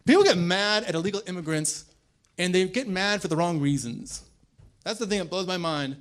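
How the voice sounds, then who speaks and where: Stand-up comic, young man, slightly high voice, quick delivery that jumps into loud acted-out characters. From American South. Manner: quick, animated, acts out voices with sudden loud bursts. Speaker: stand-up comedian. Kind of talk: stand-up set. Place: comedy club stage.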